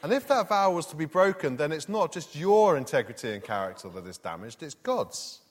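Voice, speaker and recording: Lively man preaching in a reverberant hall. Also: on the high side, brisk. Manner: lively, conversational, reads scripture aloud. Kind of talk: sermon.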